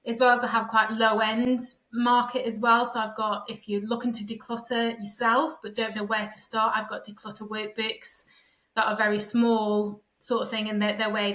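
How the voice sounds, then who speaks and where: A woman's voice: mid-range voice, pushed and bright, roomy sound, low-quality recording. A middle-aged woman, chatting in a casual interview as a home coach, rambling and often tagging on "sort of thing". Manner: chatty, rambling, fond of "sort of thing", acts out quoted voices. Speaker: podcast guest, feng shui and decluttering coach.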